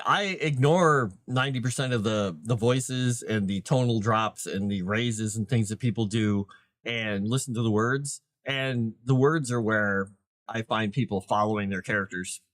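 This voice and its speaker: A man's voice: medium pitch, fairly bright tone, dry recording, studio quality. A man chatting casually on his livestream, rambling with many fillers and restarts as he talks about running tabletop games. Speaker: livestream host and game master.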